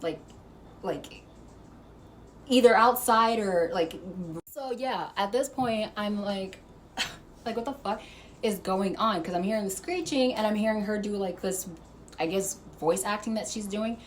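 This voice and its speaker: A woman spins a casual storytime vlog straight to camera. Her voice sits at an ordinary middle pitch, and she keeps it lively and profane, laughing between the twists. A faint hiss of room noise runs under her talk. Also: a little slow. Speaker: vlogger.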